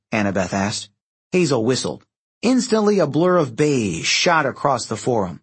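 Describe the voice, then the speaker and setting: A man reading an adventure audiobook aloud, expressive and giving each character a voice. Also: medium pitch, moderate pace, breathy edge. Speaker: audiobook narrator. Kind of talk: scripted narration.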